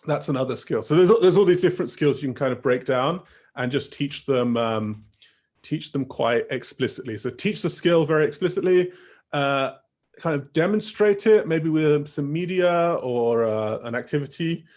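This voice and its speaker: A man's voice: a little high, animated, normal speed, darkish tone. A young man giving a teacher-training talk over a video call, casual and rambling with many fillers. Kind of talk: online workshop talk.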